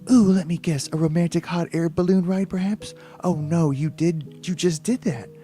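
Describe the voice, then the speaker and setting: A man's voice: fairly even intonation, moderate pace, mellow, faint music behind, lightly acted. A man doing a bubbly teasing young woman. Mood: playful teasing. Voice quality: high put-on girlish voice. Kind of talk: comic novel reading impression.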